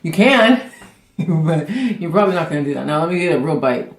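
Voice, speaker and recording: A man with a somewhat high voice hosts a casual cooking vlog from a home kitchen. He rambles and laughs as he goes. The room echoes around him. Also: big pitch swings, fairly quick. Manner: chatty, rambling, laughs often. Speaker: cooking show host.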